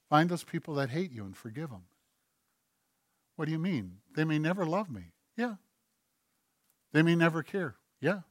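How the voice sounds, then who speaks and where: A man in his pulpit preaching, his voice sitting a touch high for a man. He dips to near-whispers and swells back up to emphatic points. The sound is dry and close, with no room echo. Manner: swings between hushed and emphatic, acts out God's voice. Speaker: pastor. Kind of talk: sermon.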